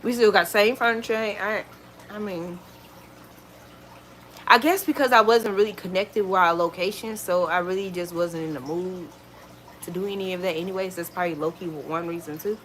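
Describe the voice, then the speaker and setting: A woman vlogger chatting casually at home, retelling stories in an animated, exclaiming way. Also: fairly low pitch, moderate pace, a little hiss or hum. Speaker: lifestyle vlogger. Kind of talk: casual storytelling chat.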